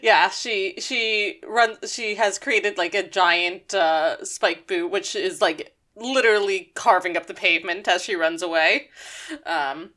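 A woman casually recapping a cartoon episode on a podcast, chatty with quick asides. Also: mid-range voice, steady tone, bright, forceful tone. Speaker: podcast co-host.

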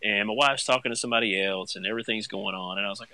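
Talking rapid-fire with no room sound, a young man who stays home with his kids shares a funny story in a casual chat. When he acts out his own panic, he grows animated and jumps high.

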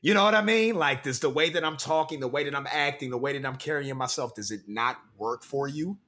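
A man's voice: medium pitch, brisk, sharp tone. A young man co-hosting a podcast, talking in an earnest, frustrated way about being stereotyped, with careful, proper-sounding speech. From Pennsylvania, USA. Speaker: podcast co-host. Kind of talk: casual podcast chat.

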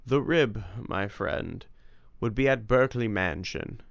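A man voicing a solemn but good-humored monk in an audiobook, speaking in a slow, measured way. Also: on the low side, gravelly, no echo. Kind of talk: audiobook character voice.

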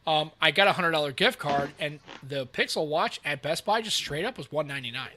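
A man co-hosting a casual tech podcast, talking in an animated, rambling way and throwing in quick asides to the live chat. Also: on the high side. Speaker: podcast co-host.

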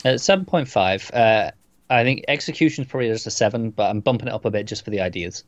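A man's voice: on the low side, fast, dry recording, dull audio. A man co-hosting a casual film podcast, wry and laid-back, often answering with short agreements. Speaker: podcast co-host. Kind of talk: casual film review chat.

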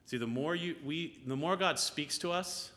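Male pastor, conversational sermon, bright voice a touch high, long echoing hall. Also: normal speed. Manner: conversational, often asks "right?".

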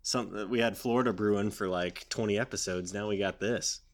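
Man co-host, lower voice, punning and steering the chat. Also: steady tone, normal speed. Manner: jokey, fond of puns, guides the talk. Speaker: podcast co-host. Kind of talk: casual chat.

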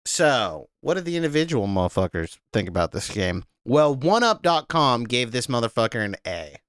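A man's voice: mid-range voice, very animated, normal speed, fairly bright tone, smooth, dry recording, studio quality. A man co-hosting a podcast in casual, joking chat. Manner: joking, reads out slang and review scores. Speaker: podcast co-host.

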